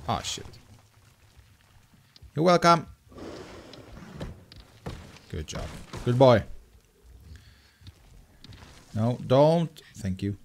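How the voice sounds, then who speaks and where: A man doing let's play commentary, excitable and swearing, coaxing the creature on screen. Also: fairly high pitch, measured pace, creaky, long pauses, a little hiss or hum. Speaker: gaming commentator.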